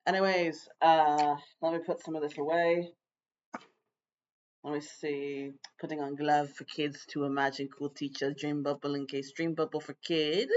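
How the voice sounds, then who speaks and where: A man's voice: high-pitched, a bit bright, dull audio. A man improvising a loose, rambling lecture as a self-styled teacher of a magic class.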